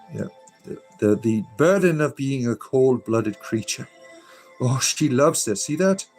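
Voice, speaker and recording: A man's voice: mid-range voice, creaky, a little mellow, breathy edge, rough recording. A man hosting a casual livestream, talking bluntly and swearing casually. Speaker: livestream host.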